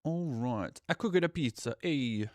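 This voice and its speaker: A man's voice: medium pitch, expressive, a little slow, no room sound. A man streaming live, chatting casually and profanely while reading out viewer comments. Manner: rambling, profane, reads chat aloud. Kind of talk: casual livestream chat.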